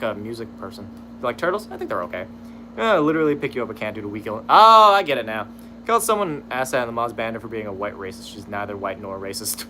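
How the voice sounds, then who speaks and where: Young man, livestream chat, bright voice, lively swooping pitch, casual cursing. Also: a little hiss or hum. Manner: lively, swears casually, laughs at his own fumbles. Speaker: streamer. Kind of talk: casual livestream chat reading viewer messages.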